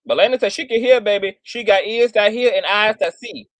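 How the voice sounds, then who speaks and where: A man's voice: high-pitched, brisk, fairly bright tone, dry recording. A man hosting livestream commentary in a sassy, theatrical way, peppered with "girl" and "child". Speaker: commentary channel host.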